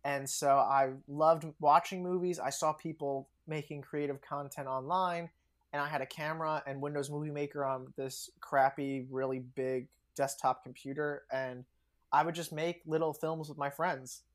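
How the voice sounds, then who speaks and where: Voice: medium pitch, fairly even intonation, normal speed. Chatty young guest who laughs often. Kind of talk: casual podcast interview.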